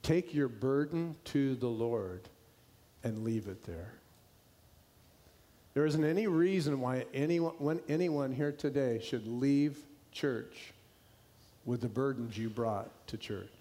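Preaching in a medium pitch, this male pastor slows down to emphasize important words and at moments lowers his voice to a hush.

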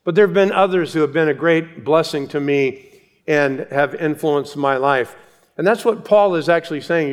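A middle-aged male pastor teaching an expository Bible sermon, slowing down and dwelling on each phrase as he reads scripture aloud. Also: a little high, smooth. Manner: measured, slows to read scripture aloud.

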